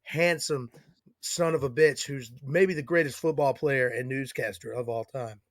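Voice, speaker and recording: A man's voice: mid-range voice, moderate pace, no room sound, clean studio sound. A man hosting a casual chat, joking around and swearing freely. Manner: profane, joking.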